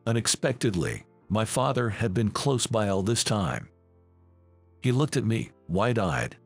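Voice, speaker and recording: A man narrating a scripted first-person story in an earnest, steady way. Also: fairly low pitch, unhurried, breathy edge, soft background music.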